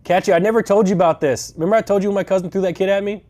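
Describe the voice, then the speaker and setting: A man's voice: high voice, fairly even intonation, racing, a little mellow. A young man live-streaming from a rental car, chatting casually, rambling and swearing, with dry sarcastic asides. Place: inside a rental car on a road trip.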